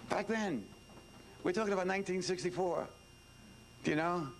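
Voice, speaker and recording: A man's voice: sits high, normal speed, slight background noise, rough recording. A man, a former detective giving an informal talk to students, emphatic and repetitive, with many "you know"s. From New York. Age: 70s.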